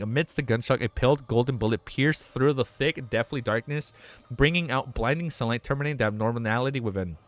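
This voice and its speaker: A young man live-streaming, reading a novel aloud and breaking into excited, swearing reactions. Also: mid-range voice, dry recording. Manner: excitable, swears, laughs and shouts in reaction to the story.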